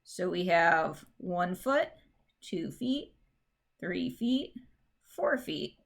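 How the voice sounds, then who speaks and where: A woman's voice: fairly low pitch, lively intonation, very slow, gravelly. Casual woman teaching poetry meter. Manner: casual, explanatory, with frequent fillers and restarts. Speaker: English teacher. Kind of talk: recorded classroom lesson.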